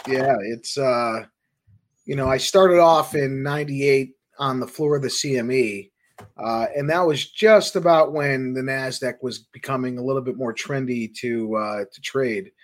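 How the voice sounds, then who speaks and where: A man, the founder of a trading firm, recounting his career in a casual, animated storytelling way as a podcast guest. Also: mid-range voice. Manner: animated anecdotes, quick asides.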